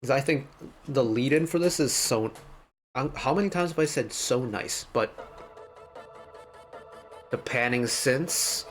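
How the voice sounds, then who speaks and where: A man with a medium-pitched voice talks through a song in a relaxed, casual way. He is eager and attentive to small details as he hosts his music reaction video. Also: a little slow, pauses often. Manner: enthusiastic, detail-focused.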